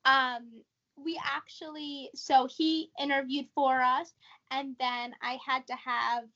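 A young woman from New York with a New York accent, telling a story as a podcast guest in a chatty, animated way, leaning on "like" constantly. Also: sits high, slow. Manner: chatty, animated, says "like" a lot. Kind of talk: casual interview storytelling. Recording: dull lo-fi audio.

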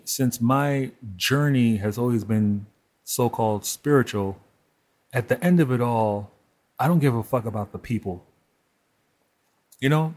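Candid, profane man talking alone. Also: mid-range voice. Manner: candid, profane, laughs between points. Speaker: podcast host. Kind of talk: solo monologue.

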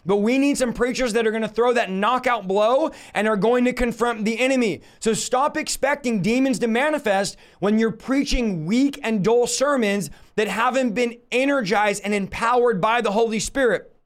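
Man, high voice, preacher, emphatic, forceful, livestream sermon. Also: moderate pace, hardly any pauses.

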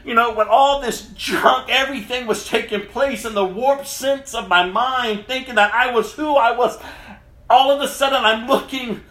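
A man with a high, forceful voice gives a personal testimony slowly and deliberately. He tells it dramatically, swinging from loud outbursts to hushed tones. The room around him is echoey. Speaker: speaker giving a personal testimony. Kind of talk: emotional testimony to an audience.

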